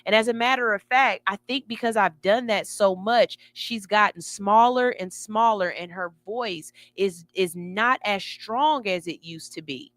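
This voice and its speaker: Bright, dry-voiced sassy woman host. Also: mid-range voice, measured pace, few pauses, dry recording. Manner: emphatic, sassy, building excitement. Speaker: radio show host. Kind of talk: motivational talk.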